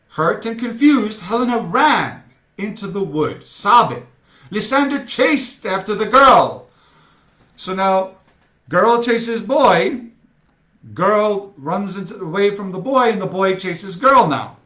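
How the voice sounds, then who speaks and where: Male storybook reader, slow and lively, bright tone, chatty asides, echoey room. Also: high voice. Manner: chatty, laughing asides to listeners. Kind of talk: read-aloud storytelling with asides.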